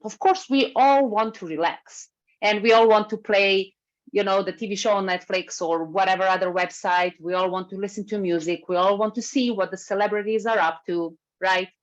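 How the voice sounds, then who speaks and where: Woman giving a lively webinar talk. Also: medium pitch. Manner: lively, moves while speaking. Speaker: workshop speaker. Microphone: video call. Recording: slightly muffled video call recording.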